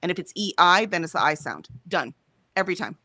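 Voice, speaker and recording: A woman's voice: on the low side, lively intonation, a little fast, pushed and bright, dry recording. An American woman co-hosting a livestream in casual chat, reading out viewer comments and laughing often. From United States. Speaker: livestream co-host.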